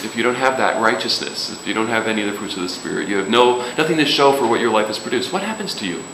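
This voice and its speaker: A man's voice: on the low side, expressive, fast, background noise. A man preaching a sermon in a casual, joking way, with sudden emphatic rises. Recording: echoey room with faint ambience.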